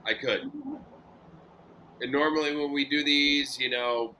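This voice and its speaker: A man's voice: mid-range voice, steady tone, unhurried, bright, forceful tone, slight background noise. A tired man in a casual live chat, hesitant and restarting often, saying he is not fully recovered.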